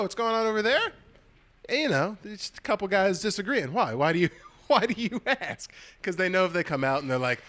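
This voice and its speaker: A young man co-hosting a podcast in casual chat, excitable and laughing often. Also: on the high side. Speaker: podcast co-host.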